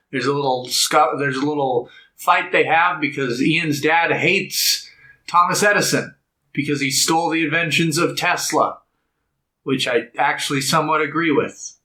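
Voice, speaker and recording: A young man co-hosting a podcast, casually recapping a movie's plot and acting out the characters' lines in loud, high voices. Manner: animated storytelling, jumps into loud high voices for quotes. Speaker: podcast co-host. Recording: echoey room.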